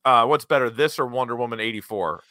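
A man's voice: medium pitch, fast, sharp tone, no room sound, clean studio sound. A man hosting a podcast, chatting loosely about movies with plenty of fillers and emphatic asides. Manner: rambling, filler-heavy, emphatic. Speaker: podcast host reviewing movies. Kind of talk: casual chat.

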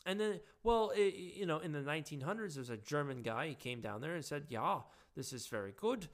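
Hoarse man with a raised pitch. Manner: halting, with frequent restarts and fillers. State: hoarse, voice giving out. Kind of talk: casual monologue.

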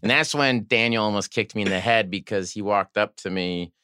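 A man guest on a podcast telling animated stories about filming, acting out the people he quotes. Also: fairly low pitch, fairly quick, smooth, no echo, studio quality. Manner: animated, acts out quoted voices. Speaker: guest actor and director. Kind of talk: casual storytelling chat.

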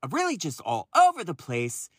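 Animated, profane man hosting a podcast. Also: a little high, moderate pace, breathy edge, no echo, clean studio sound. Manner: animated, profane and exasperated, laughing often. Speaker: podcast host. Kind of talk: solo podcast monologue.

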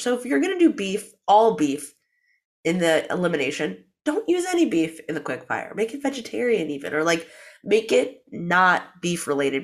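Young woman, low-pitched, playful rambling co-host chat. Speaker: podcast co-host. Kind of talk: casual chat.

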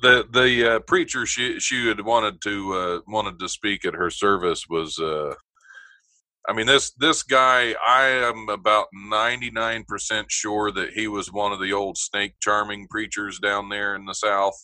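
Man, low and bright, dry close sound, halting casual storyteller. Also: steady tone, no echo. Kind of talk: casual chat.

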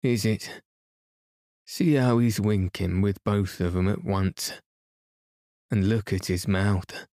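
A man reading a slow, good-natured carrier. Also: fairly low pitch, fairly even intonation, mellow, no room sound, studio quality. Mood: mild, puzzled.

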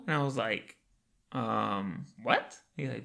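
Young man, podcast host, gravelly voice, swears a lot, says dude constantly. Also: a little high, very animated, brisk, sharp tone. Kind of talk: casual storytelling chat.

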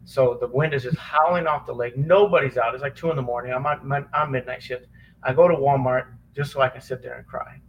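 A man tells a deeply personal story in a halting, earnest way, full of restarts and pauses. He sounds choked up, close to tears, at an ordinary middle pitch. A faint hiss of noise sits under the voice. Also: fairly even intonation, muffled recording. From Chicago area. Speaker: podcast guest, former police officer. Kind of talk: emotional personal testimony.

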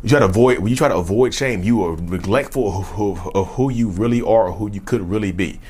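Low-voiced man preaching to viewers. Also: brisk, a little mellow, breathy edge. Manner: repetitive, preachy, addresses viewers as y'all. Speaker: channel host. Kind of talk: casual monologue to camera.

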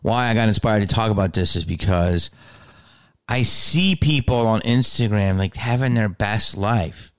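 A man's voice: lowish voice, unhurried, clean tone, no room sound, clean studio sound. A middle-aged man with a Philadelphia accent hosting a podcast, telling stories in a profane, rambling monologue. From Delaware County, Pennsylvania. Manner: profane, animated storytelling. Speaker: podcast host.

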